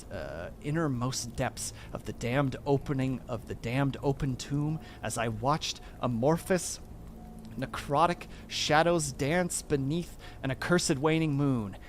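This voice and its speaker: A man's voice: mid-range voice, unhurried, a little hiss or hum. A man reading a horror story aloud, often stumbling over words and starting them again.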